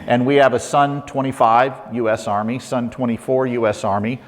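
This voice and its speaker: A middle-aged man giving a lively talk to an audience, asking rhetorical questions with playful asides, on a mic in a lecture hall. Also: medium pitch, moderate pace. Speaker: speaker. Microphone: handheld or lapel mic. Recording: long hall reverb.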